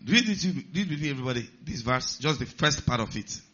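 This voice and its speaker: A man's voice: medium pitch, expressive, a little fast, sharp tone. A male pastor preaching a sermon, stressing key words and putting questions to the congregation. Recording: slightly muffled recording.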